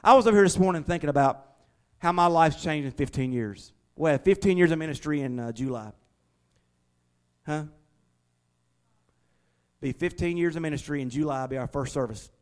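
Male pastor, forties; conversational sermon with drawn-out emphasis, a touch high-pitched. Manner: emphatic, with slowed dramatic stresses and acted-out prayers; folksy, conversational preaching with fillers.

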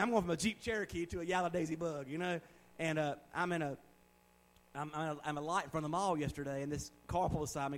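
A man's voice: a little high, a bit bright, low-quality recording. A man in his forties preaching a sermon in a conversational way, with joking asides and words repeated for emphasis. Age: 40s. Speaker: pastor.

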